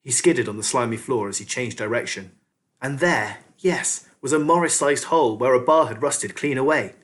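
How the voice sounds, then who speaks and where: A man reading a children's novel aloud as a teacher, expressive storyteller. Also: mid-range voice, moderate pace.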